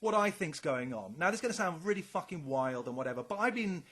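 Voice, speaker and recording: A man's voice: a little high, big pitch swings, quick pace, a bit bright, slightly rough. A man co-hosting a casual podcast chat, rambling and speculating, swearing often. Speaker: podcast co-host.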